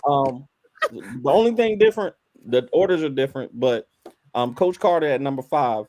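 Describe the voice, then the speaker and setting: A tired man co-hosting a casual podcast, hesitant and laid-back with plenty of ums. His voice is mid-pitched and dry, close to the mic. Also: expressive, moderate pace, darkish tone, no echo.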